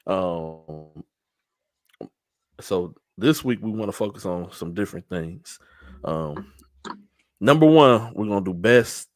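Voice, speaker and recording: A man with a Southern US accent hosting a casual sports talk show, relaxed and leading the segment with many fillers. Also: deep voice, no echo, studio quality. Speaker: host.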